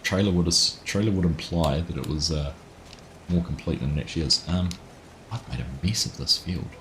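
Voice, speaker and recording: A man chats easily with his viewers, greeting them by name between moves in the game. His voice sits very low. Faint noise and keyboard typing run under it. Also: normal speed. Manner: chatty, greets viewers by name, relaxed asides. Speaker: gaming livestream host. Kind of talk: casual chat while playing live.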